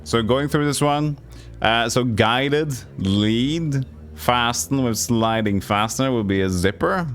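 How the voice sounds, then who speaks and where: Slow Norwegian man thinking aloud. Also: mid-range voice, faint music behind. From Norway. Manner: thinking aloud, halting, self-correcting. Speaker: streamer. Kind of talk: live game commentary.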